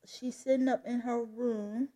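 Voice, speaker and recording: A woman's voice: fairly high pitch, steady tone, measured pace, dark tone. A woman reading a comic aloud and chatting casually about the story, laughing at it. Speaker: comic book reader. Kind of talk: casual read-along commentary.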